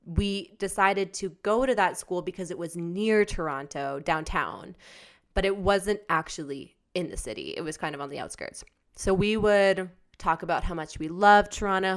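A woman's voice: lowish voice, normal speed. A woman in her twenties co-hosting a podcast, chatting casually and teasing her friend as she tells stories. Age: 20s. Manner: animated storyteller who teases her friend. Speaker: podcast co-host. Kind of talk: casual chat.

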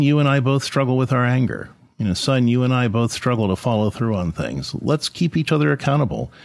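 A man's voice: mid-range voice, creaky, darkish tone, no room sound. A man hosting a podcast, giving an earnest, conversational reflection on faith and parenting with frequent restarts. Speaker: podcast host and parenting speaker.

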